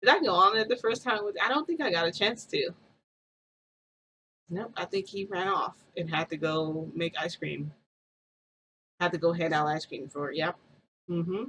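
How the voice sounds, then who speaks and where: A woman's voice: on the low side, normal speed, long pauses, sharp tone, slight background noise, low-quality recording. A woman vlogger casually telling a first-person story, rambling and full of "like" fillers.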